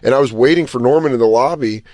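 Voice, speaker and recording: A man's voice: medium pitch, fast talker, no room sound. A young man co-hosting a podcast, telling stories casually and acting out what people said to him. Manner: animated storyteller, acts out quotes. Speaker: podcast co-host. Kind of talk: casual chat.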